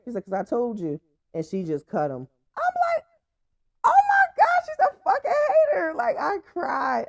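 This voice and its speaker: A woman's voice: mid-range voice, dark tone, no room sound. A young woman hosting her own show, telling stories in a blunt, profane, laughing way. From Franklin, Virginia, USA. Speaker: podcast host. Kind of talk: casual storytime monologue. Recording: dull, dry lo-fi sound.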